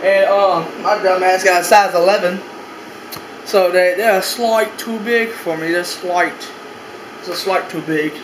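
This vlogger, a young man with a high voice, speaks from his bedroom at a slightly slow pace with fairly level intonation. He wanders from point to point, curses constantly and repeats himself, his words echoing off the walls over a soft air-conditioning hum.

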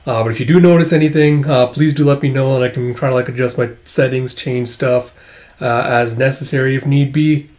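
A man's voice: medium pitch, fairly even intonation, fairly quick, a little mellow. A man casually narrating a comic aloud with many fillers. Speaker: comic reader, channel host.

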